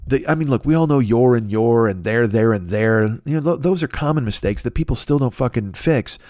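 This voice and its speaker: A man's voice: mid-range voice, darkish tone, dry recording, studio quality. A middle-aged man hosting a podcast, ranting comedically and rambling, swearing a lot and jumping to exasperated outbursts. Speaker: podcast host. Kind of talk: profane comedic rant.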